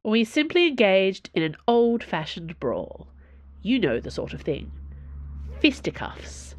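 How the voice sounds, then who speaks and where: A woman's voice: medium pitch, sing-song, takes it slowly, slight background noise. A woman voicing a foppish aristocratic male space musketeer with a cut-glass, posh way of speaking and exaggerated manners, in audiobook narration. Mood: languid.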